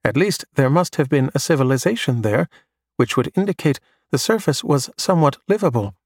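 A man voicing a patient male robot tutor who speaks in a flat, monotonous way. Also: on the high side, a little fast, no room sound, clean studio sound, voice pushed up. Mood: even.

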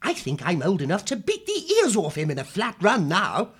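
A man voicing eager young male hares, talking in a jolly, excited way. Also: high-pitched, normal speed, slightly rough, pitched above the performer's own voice, exaggerated voice.

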